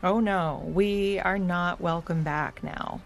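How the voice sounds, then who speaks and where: A woman voicing a gentle, regretful father dog in a children's audio story, speaking softly. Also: lowish voice, fairly even intonation, slow, faint music behind.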